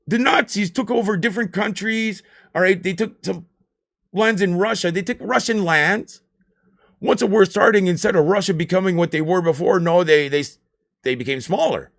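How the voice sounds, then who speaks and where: Animated man ranting on stream. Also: sits high, normal speed. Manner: animated, excitable ranting with swearing. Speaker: live streamer. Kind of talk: rambling live-stream chat.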